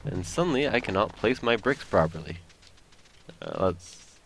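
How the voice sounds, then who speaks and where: A man's voice: lowish voice, very animated, moderate pace, gravelly. A young man giving casual let's play commentary while he builds, thinking aloud and rambling with self-mocking asides.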